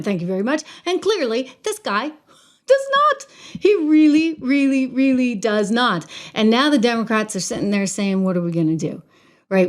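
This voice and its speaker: A middle-aged woman hosting a political commentary show, talking straight to her viewers in an emphatic, conversational way. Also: medium pitch. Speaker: show host.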